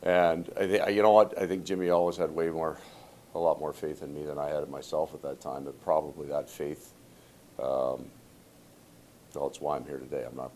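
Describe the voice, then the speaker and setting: A man in his forties with a very deep, low voice tells stories about his coaching career, rambling and restarting his sentences. He pokes fun at himself as he goes. A faint low rumble sits under the recording. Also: level tone, moderate pace, a little mellow. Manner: self-deprecating, rambling with restarts. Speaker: hockey coach. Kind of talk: casual storytelling.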